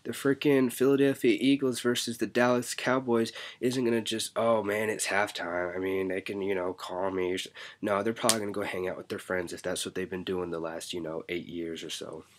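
A man's voice: on the low side, little pitch movement, fairly quick, hardly any pauses, a little hiss or hum. A man giving blunt, exasperated dating advice in a casual vlog. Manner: blunt, exasperated, mocks clingy talk. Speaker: vlogger.

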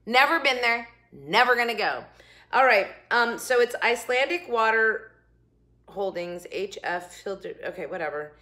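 A middle-aged woman hosting a casual food review vlog, chatty and jokey, with quick asides that sometimes drop to a whisper. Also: fairly high pitch, lively intonation, sharp tone. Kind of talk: casual chat to camera.

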